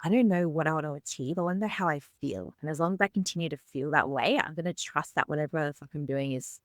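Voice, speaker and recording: Podcast host, quick loose talk, casual swearing, dry sound. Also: mid-range voice, fairly bright tone, dry recording. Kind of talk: casual conversation.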